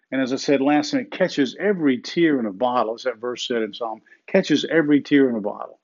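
A middle-aged man preaching a sermon in an earnest way, slowing down and repeating phrases for emphasis. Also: mid-range voice, highs cut off. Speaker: pastor.

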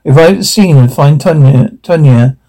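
A man reading a script's stage directions aloud, halting, with slips and restarts. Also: on the high side, warm tone, poor audio. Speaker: reader.

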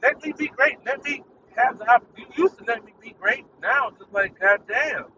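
A man with a high, bright voice rants on his podcast in an irritated, rambling way, cursing freely. He sits a little back from a muffled, dull-sounding mic. The faint hum of passing traffic sits behind him. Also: normal speed, recorded from a distance. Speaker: podcast host. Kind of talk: casual solo rant.

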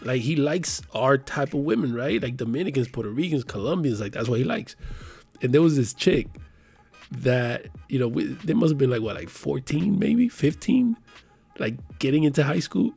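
A man's voice: medium pitch, moderate pace, gravelly, breathy edge, soft background music. A man in his thirties from the Miami area, telling a profane story in casual chat and acting out the voices of the people in it. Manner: profane, animated storyteller who acts out quotes.

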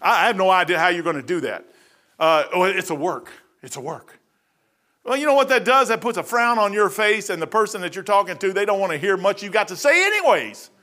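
A man preaching a sermon from the pulpit, telling stories in a folksy way, often saying "man", and swinging from loud outbursts to hushed asides. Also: sits high, very animated, fast, hardly any pauses. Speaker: pastor. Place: church.

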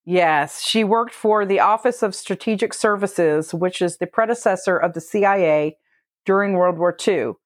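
A woman's voice: mid-range voice, normal speed, no room sound, clean studio sound. A woman co-hosting a comedy chat, reading out facts in a matter-of-fact way. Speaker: co-host presenting facts.

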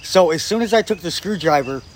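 Guy telling a story, swears a lot, does everyone's lines, kinda high voice, some faint crickets behind. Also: expressive, brisk, slight background noise. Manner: profane, acts out quoted people. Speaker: guest storyteller. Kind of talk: casual storytelling chat.

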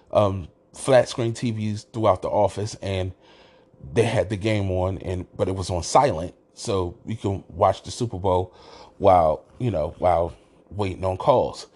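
A man hosting a podcast, telling a story in a rambling, casual way and restarting his sentences often. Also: fairly low pitch. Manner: rambling, restarts sentences, animated when retelling. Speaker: podcast host.

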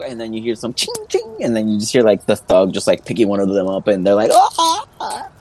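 A man's voice: fairly low pitch, big pitch swings, fast, mellow. A man narrating a tabletop game as game master in a loose, rambling way with lots of fillers.

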